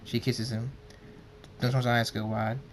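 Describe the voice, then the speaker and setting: A man narrating an amateur story, halting and stumbling over words as he reads. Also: mid-range voice, flat delivery, faint music behind.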